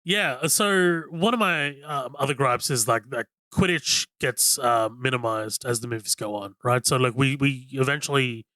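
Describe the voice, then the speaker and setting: A man's voice: mid-range voice, normal speed, few pauses, pushed and bright, no echo. A man co-hosting a casual film-review podcast, rambling enthusiastically with lots of "like" and cheerful swearing. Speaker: podcast co-host.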